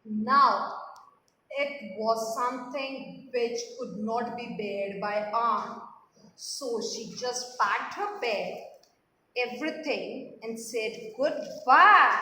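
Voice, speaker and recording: A woman's voice: a little high, very slow, slight background noise. A woman teacher telling a playful puppet story to students. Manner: animated, playful, giggly. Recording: echoey hall with long reverb.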